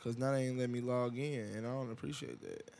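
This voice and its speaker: A man's voice: mid-range voice, lively intonation, fast, gravelly, a little mellow, a little hiss or hum. A man co-hosting a casual podcast chat, telling crude jokes and stories. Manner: crude joking storyteller. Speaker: podcast co-host.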